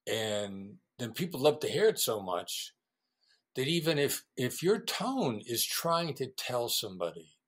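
A man, a guest negotiation expert, explaining ideas in an animated interview and acting out quoted voices. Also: mid-range voice, unhurried, husky.

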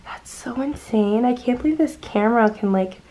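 A young adult woman chatting casually in a vlog, expressive and full of "like" fillers. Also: fairly high pitch, moderate pace, reverberant, poor audio. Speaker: vlogger.

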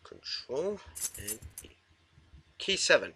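Jumpy man with a lively, swinging pitch. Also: unhurried, long pauses, a little hiss or hum, poor audio. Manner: jumpy, swearing, talks back to the game. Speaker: gamer. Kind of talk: horror game commentary.

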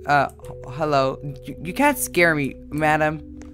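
A man's voice: fairly high pitch, fairly even intonation, unhurried, a bit bright, faint music behind. A male gaming YouTuber giving jumpy horror gameplay commentary, repeating frightened exclamations.

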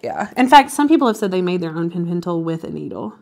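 A woman's voice: on the low side, lively intonation, fast, gravelly, a little mellow, a little hiss or hum. A woman co-hosting a casual crafting livestream, playful and self-mocking as she explains each step while working. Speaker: co-host.

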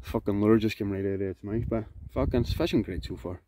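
A Scottish man fishing outdoors by a loch, giving excited, sweary commentary and shouting to a friend across the water. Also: fairly low pitch, fast talker, noisy background. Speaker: fishing vlogger.

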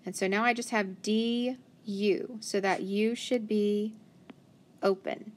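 Woman, phonics teacher, slow pace, patient, sounds words out syllable by syllable. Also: mid-range voice, steady tone. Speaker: reading teacher. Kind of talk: phonics lesson for children.

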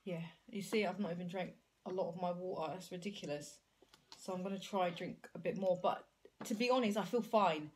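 A woman's voice: lowish voice, brisk, darkish tone, slight background noise. A woman thinking aloud in a casual video diary, hesitant and rambling as she talks to her viewers. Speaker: vlogger and health coach.

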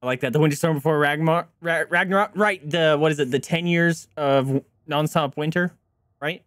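A young man streaming a video game, reacting with excited, swearing commentary and yelling at the screen. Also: fairly high pitch, moderate pace, dry recording, clean studio sound.

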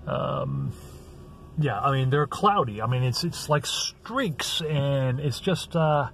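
A man ranting in a vlog from his vehicle into a phone, swearing a lot and breaking into shouts. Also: medium pitch, animated, drawn-out words, vocal fry, long pauses, slightly rough. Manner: angry, profane, swings into shouting. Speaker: vlogger.

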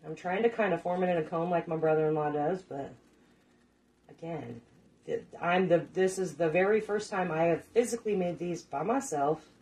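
A woman's voice: fairly low pitch, moderate pace, darkish tone. A middle-aged woman hosting a casual cooking livestream, chatting with viewers, swearing casually and laughing often. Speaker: cooking show host.

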